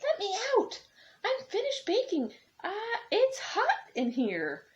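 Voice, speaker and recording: A woman voicing a cocky runaway gingerbread man in a high, taunting sing-song on a dull lo-fi recording. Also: wildly swooping pitch, slow pace, heavily acted. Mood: whiny.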